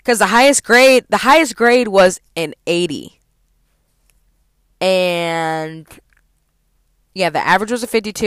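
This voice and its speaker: A woman's voice: medium pitch, a little slow, long pauses, clear, resonant tone, no echo. Profane young woman venting, dry close sound. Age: young adult. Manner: heavily profane, heated venting. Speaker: college student. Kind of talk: angry vlog rant.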